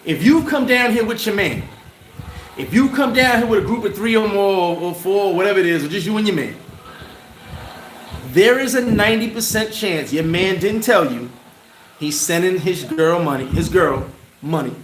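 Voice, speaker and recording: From a bar, a man with a high voice hosts a casual livestream, answering live chat comments at a moderate pace in an animated, slangy style and laughing often. The space sounds roomy, with loud noise behind him.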